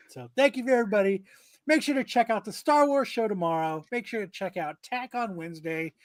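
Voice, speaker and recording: A man's voice: high-pitched, normal speed, long pauses, no echo. A man hosting a casual podcast, laughing often as he signs off the show. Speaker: podcast host. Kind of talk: casual chat.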